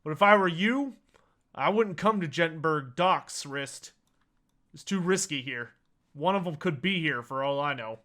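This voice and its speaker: A man's voice: on the high side, expressive, unhurried, pushed and bright. Man voicing a wary dockside informant. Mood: warning. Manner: conspiratorial warnings. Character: wary, world-weary male dockside informant.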